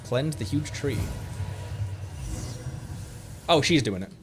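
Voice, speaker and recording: A man's voice: medium pitch, lively intonation, brisk, soft background music. A man streaming a video game live, rambling casually and laughing at his own slips. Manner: chatty, rambling, laughs often at himself.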